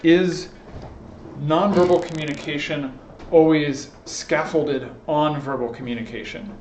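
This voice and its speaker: A man's voice: fairly high pitch, steady tone, measured pace, a little mellow, far from the mic, slight background noise. A man giving an informal lecture to a small group, thinking aloud with frequent fillers and restarts. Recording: roomy, dull lo-fi room recording.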